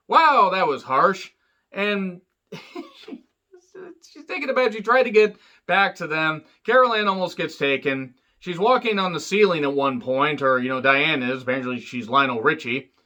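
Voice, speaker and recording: A man's voice: fairly quick, bright, forceful tone, lo-fi sound. A man casually recapping and reviewing a film, rambling and profane, with many fillers and wisecracks. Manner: jumps up in pitch when acting out quotes. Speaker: movie reviewer.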